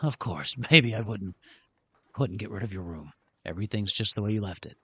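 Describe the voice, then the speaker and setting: A man voicing a burly orc father, gruff and protective, in a tabletop game. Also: fairly low pitch, brisk, sharp tone, no room sound, exaggerated voice. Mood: tender.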